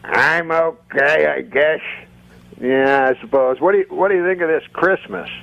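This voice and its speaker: A cranky old man puppet grumbles along, voiced by a man in a ventriloquist bit. The voice sits low and gravelly and sounds sullen and slow. The sound is dry, close and unreverberant. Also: fairly bright tone, dry recording, lo-fi sound. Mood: grumbling.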